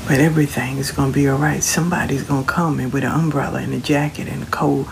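A man's voice: mid-range voice, steady tone, fast, creaky, few pauses, a little hiss or hum. A man giving a casual, colloquial spiritual pep talk, reassuring the listener and repeating his phrases. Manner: colloquial, slangy. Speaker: motivational speaker.

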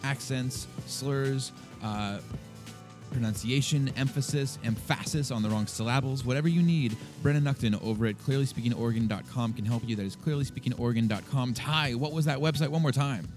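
A man's voice: medium pitch, brisk, a little mellow, faint music behind. A man co-hosting a casual sports podcast, laid-back, laughing often and using lots of filler words. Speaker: podcast co-host.

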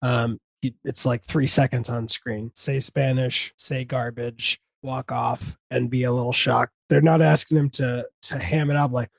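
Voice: medium pitch, flat delivery, a little slow, creaky, hardly any pauses, dry recording. A person co-hosting a casual chat show who rambles, laughs a lot and slips into mocking voices. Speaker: podcast co-host.

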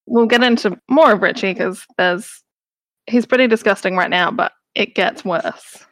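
A woman's voice: mid-range voice, moderate pace. A woman casually recapping a film on a podcast, rambling with lots of fillers. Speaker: podcast co-host.

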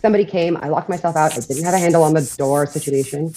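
A woman in her thirties from Montreal chatting as a podcast guest, wry and self-mocking with quick asides. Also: deep voice, warm tone, a little hiss or hum. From Montreal, Canada. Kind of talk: casual chat.

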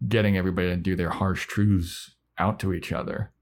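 A man's voice: low-pitched, little pitch movement, fairly quick. A man hosting a podcast, recapping a TV episode with loose, profane storytelling. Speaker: podcast host. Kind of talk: casual chat, recapping episodes.

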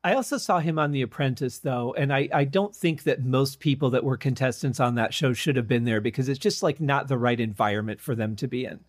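A man hosting a podcast interview, teasing his guest with deadpan jokes. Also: mid-range voice, a little fast, few pauses, no echo, studio quality. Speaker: podcast host.

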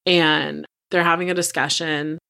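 Casual woman podcast host, lowish voice, rambling recap, swears a lot and does little voices for the characters. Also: level tone, unhurried, gravelly, sharp tone, smooth. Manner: chatty, swears freely, acts out characters' lines.

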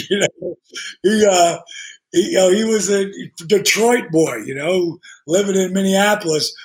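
A man guesting on a podcast, telling casual stories with lots of swearing and acted-out dialogue. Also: high-pitched. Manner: animated, swears freely, acts out dialogue. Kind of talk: casual storytelling.

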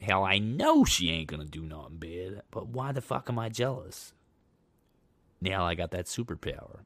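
A young man with a lowish voice talks straight into a dry, close mic. He hosts his own podcast and tells frank, cursing stories about dating. When he retells the fright, he climbs high and loud. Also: no room sound. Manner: candid and profane, animated when retelling a scare. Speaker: podcast host. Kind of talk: casual storytelling monologue.

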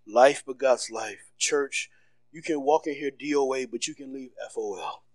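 A man preaching a sermon as pastor, loud and animated, with casual slang and repetitions, swinging between shouts and soft, low passages. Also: normal speed, no room sound.

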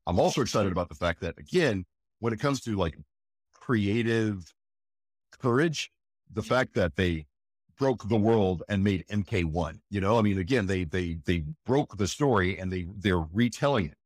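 A man's voice: lowish voice, expressive, moderate pace, no room sound, studio quality. A man who works as a voice actor, chatting in an interview, enthusiastic and emphatic, often tossing in "again" and "right?". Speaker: voice actor guest. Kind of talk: casual interview chat.

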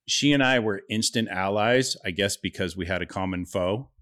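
A middle-aged man speaking in a somewhat low voice on a casual podcast. He teases his co-host with dry, deadpan humor and talks in an easy, conversational way. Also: normal speed. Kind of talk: casual chat.

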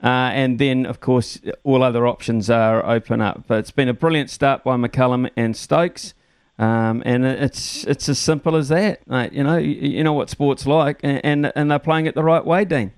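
Smooth-voiced male talkback radio host. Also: mid-range voice, normal speed, no echo. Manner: relaxed, chatty, frequent fillers. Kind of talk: talkback radio chat with callers.

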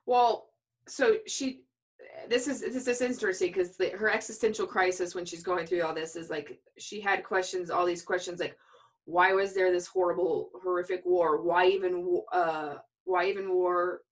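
Woman, lowish voice, casual podcast chat, animated storyteller voicing quoted dialogue. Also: moderate pace. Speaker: podcast co-host discussing a book.

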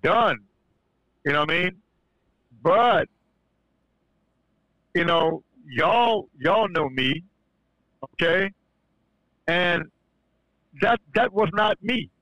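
A man's voice: high voice, lively intonation, extremely slow, long pauses, dry recording, lo-fi sound. A man sharing a religious testimony in casual talk. He stumbles and restarts often, then builds to fervent emphasis. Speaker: podcast guest sharing testimony. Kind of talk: casual church-style testimony.

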